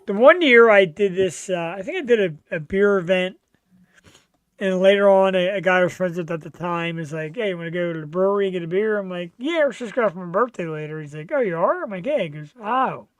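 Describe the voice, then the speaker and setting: A man's voice: high voice, lively intonation, brisk, no echo. A middle-aged man hosting a show, telling a birthday story with lots of swearing. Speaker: show host. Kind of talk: casual birthday chat.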